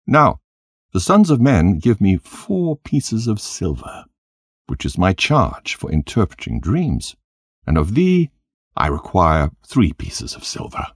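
A man's voice: sits low, huge pitch swings, takes it slowly, no echo, studio quality, pitched above the performer's own voice, full character voice. A man doing a cunning, greedy old-time trickster. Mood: insistent. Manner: smooth-talking, insistent. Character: cunning, greedy male dream interpreter.

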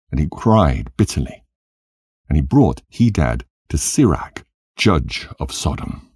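Deep husky male storyteller. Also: dark tone, no room sound, studio quality. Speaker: narrator. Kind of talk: scripted narration of an old tale.

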